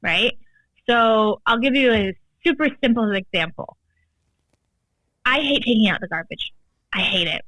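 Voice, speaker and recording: A woman's voice: on the high side, animated, measured pace, pauses often, fairly bright tone, dry recording, poor audio. Podcast guest: an emphatic woman coach, casual, with a dry close sound. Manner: emphatic, frequent "like" fillers. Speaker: guest, tantra and embodiment coach.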